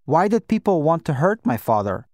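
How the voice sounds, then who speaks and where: A man voicing a grieving young boy with a small, wheezy, croaking voice, speaking haltingly through tears. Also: on the high side, sing-song, a little mellow, no room sound, studio quality, pitched above the performer's own voice. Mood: plaintive.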